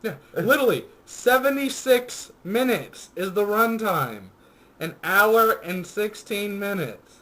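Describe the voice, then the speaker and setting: Profane, animated young man ranting about movies. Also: high voice, takes it slowly, rough recording. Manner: profane, laughing, animated rants. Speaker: co-host of a movie review show. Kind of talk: casual crude movie-ranking chat.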